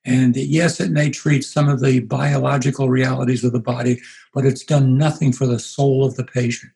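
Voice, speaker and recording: A man in his eighties, a pastor being interviewed, telling stories in an unhurried, reflective way. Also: mid-range voice, level tone, gravelly, mellow, a little hiss or hum, rough recording. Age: 80s. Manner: unhurried, anecdotal, puts on voices for quoted people. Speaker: guest, pastor.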